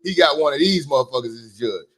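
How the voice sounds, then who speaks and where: A man's voice: fairly high pitch, expressive, fast, over loud music. A man hosting casual commentary who speaks bluntly and profanely in a conversational way. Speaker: commentary host.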